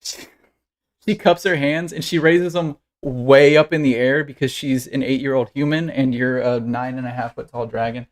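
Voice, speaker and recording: A man's voice: mid-range voice, fairly even intonation, normal speed. A man running a tabletop role-playing game as game master, narrating casually with plenty of fillers.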